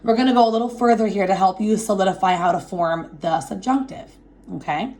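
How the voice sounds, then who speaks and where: A woman's voice: mid-range voice, darkish tone. Patient woman teaching at a whiteboard. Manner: slow and emphatic when reading example sentences; checks understanding with frequent "okay?". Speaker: Spanish teacher. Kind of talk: classroom lecture.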